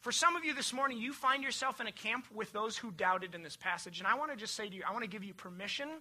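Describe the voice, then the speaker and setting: A pastor preaching a sermon with emphatic delivery, swinging from loud declarations to hushed, low passages and building repeated lists. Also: fast talker. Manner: builds repetitive lists and refrains.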